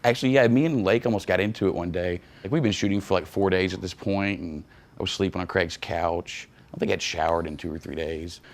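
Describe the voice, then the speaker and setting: A man's voice: sits low, brisk. A man, an actor, telling wry anecdotes in a documentary interview.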